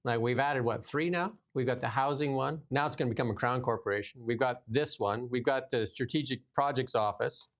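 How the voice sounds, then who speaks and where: A man's voice: mid-range voice, fairly quick, few pauses. A man hosting casual political commentary, reading news items aloud and mocking them sarcastically. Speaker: podcast host.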